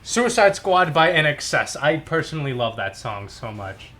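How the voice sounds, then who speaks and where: A young man co-hosting a casual movie review chat, excitable, laughing often and swearing freely. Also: fairly high pitch, normal speed, slight background noise. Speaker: podcast co-host.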